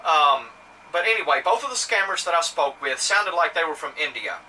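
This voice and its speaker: A man's voice: a little high, big pitch swings, a little fast, bright, forceful tone. A man from Mississippi with a Southern accent, telling a story to camera in a rambling, indignant way, with lots of fillers and restarts. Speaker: vlogger. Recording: somewhat distant mic with faint ambient noise.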